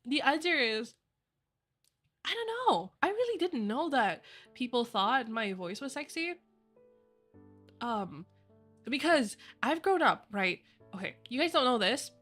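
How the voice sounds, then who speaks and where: A woman's voice: on the high side, very animated, a little slow, fairly bright tone, soft background music. A young woman streamer chatting casually with viewers, rambling with lots of fillers and giggling often. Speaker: virtual streamer. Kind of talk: casual livestream chat.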